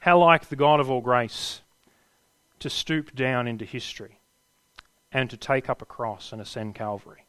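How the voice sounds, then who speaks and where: A man preaching a sermon earnestly, building to emphatic peaks and dropping to hushed endings. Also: medium pitch, moderate pace, clean tone, no echo.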